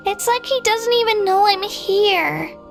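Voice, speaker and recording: An actress voicing a gentle, brave young girl in a video game, talking sincerely and softly, recorded in a studio. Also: extremely high pitch, a little slow, vocal fry, faint music behind, exaggerated voice. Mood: earnest. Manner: sincere, soft-spoken, heartfelt.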